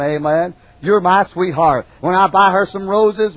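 Folksy high-voiced preacher man, dry sound. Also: moderate pace, few pauses, a bit bright, no room sound, poor audio. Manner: folksy, emphatic preaching with frequent amens. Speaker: pastor. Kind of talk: sermon.

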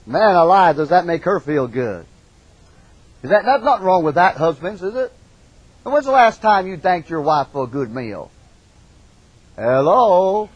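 A man's voice: high voice, animated, unhurried, pauses often, breathy edge, no echo, dull audio. A middle-aged man preaching a folksy, emphatic sermon, calling out amens. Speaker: pastor.

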